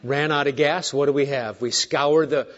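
A man in his sixties preaching a sermon as pastor, swinging between hushed asides and raised emphatic points with joking digressions. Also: medium pitch, steady tone, normal speed, lo-fi sound.

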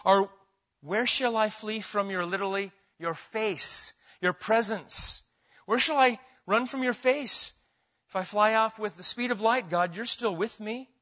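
A bright, high-pitched man preaches with emphasis and keeps asking his listeners questions. The sermon comes through a dull, lo-fi church recording. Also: a little slow. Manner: emphatic preacher who asks the congregation questions. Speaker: pastor. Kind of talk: expository sermon.

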